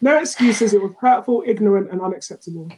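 A woman's voice: medium pitch, quick pace, noisy background. A woman co-hosting a casual podcast discussion, reading posts aloud with frequent ums and laughter. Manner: animated, laughs often, trails off with ums. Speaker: podcast co-host.

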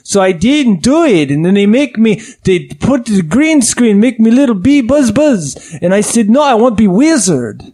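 A man putting on a self-important male movie actor with broken, halting phrasing who gets offended and walks out. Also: sits high, very animated, dark tone. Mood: indignant.

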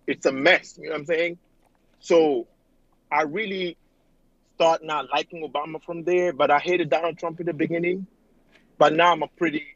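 A man's voice: a little high, fairly bright tone, no room sound. Earnest African man calling in by phone. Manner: earnest, rambling, filler-heavy. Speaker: caller. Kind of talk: call-in talk show caller. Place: home in New York City. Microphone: phone line. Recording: dull lo-fi phone call audio.

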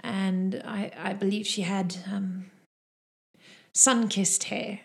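A weary blind seamstress speaks softly and with measured care, as a woman running the game puts her on. Her voice sits at a middling pitch and stays hushed and discreet throughout. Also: little pitch movement, creaky. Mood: reminiscing. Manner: soft, quiet and measured. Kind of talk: tabletop role-play.

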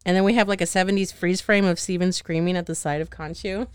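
A young woman hosting a casual podcast chat, animated, laughing often and swearing freely as she acts out scenes. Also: fairly low pitch, fast, smooth, dry recording. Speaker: podcast host.

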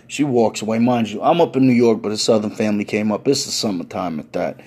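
A man's voice: fairly low pitch, fast talker, hardly any pauses, a little mellow, slightly rough. A man telling a funny story in casual, profane street slang.

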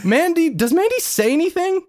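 A man's voice: extremely high pitch, sing-song, moderate pace, a little mellow. A male podcast host in casual group banter, teasing, sweary and exasperated.

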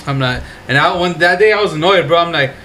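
A young man co-hosting a podcast, telling stories in a slangy, profane, animated way. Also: fairly high pitch, quick pace, a little hiss or hum, rough recording. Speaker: podcast co-host. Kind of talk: casual chat, storytelling.

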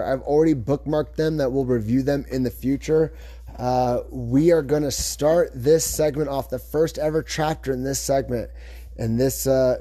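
Chatty rambling man, dark voice. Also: mid-range voice, no echo. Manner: rambling, chatty, self-correcting. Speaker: podcast host. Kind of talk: casual chat about fantasy football.

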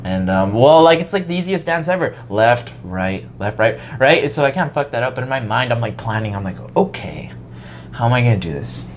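A young man swaps stories in a relaxed chat. His pitch swings widely as he acts out his past self, and he swears freely along the way. Faint room noise sits behind him. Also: a little fast. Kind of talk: casual storytelling chat.

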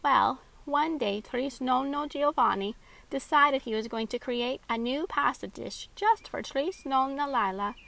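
Kobieta czytająca opowiadanie, chropawo. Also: female voice, high voice, unhurried, vocal fry, fairly bright tone, dry recording, rough recording. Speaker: author reading her story. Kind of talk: storybook reading.

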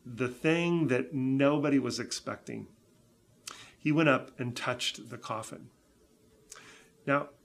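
A man preaching a sermon, retelling a scripture story with lively acted-out crowd reactions. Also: mid-range voice. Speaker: pastor.

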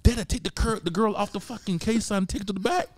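A man co-hosting a sports podcast, talking in an excitable, profane rant. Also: high voice, rapid-fire, no room sound, studio quality. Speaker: podcast co-host. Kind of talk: casual sports chat.

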